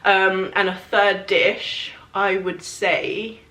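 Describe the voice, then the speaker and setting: A woman's voice: medium pitch, flat delivery, extremely slow, bright, forceful tone. A woman answering questions in a casual Q&A vlog, chatty and rambling, full of fillers. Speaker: fitness vlogger answering questions. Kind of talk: casual Q&A chat. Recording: echoey room, mic at a distance.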